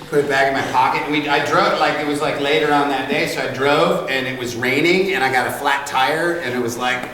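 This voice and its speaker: A man's voice: mid-range voice, fairly even intonation, moderate pace, noisy background. A man, a voice actor, telling jokey stories at a convention panel. He laughs often and acts out voices. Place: large convention hall. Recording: echoey convention hall from far off, crowd ambience.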